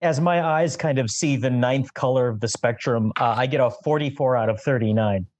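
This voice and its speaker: A man's voice: mid-range voice, a little fast, a little mellow. A man playing a tabletop horror game, describing his character's actions in rambling detail. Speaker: player. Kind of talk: casual tabletop game play.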